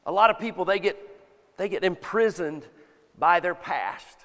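A man's voice: sits high, normal speed, a bit bright. A man preaching a sermon in a folksy, self-deprecating way, often repeating words as he thinks, taking answers from the congregation. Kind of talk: sermon with congregation call-and-response. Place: church sanctuary with long reverb. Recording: long hall reverb.

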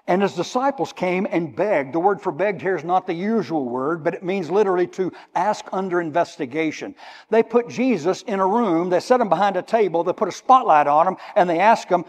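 A man's voice: sits high, expressive, normal speed, darkish tone. An older man preaching a sermon in a church, emphatically explaining Greek words. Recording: long reverb of a hall.

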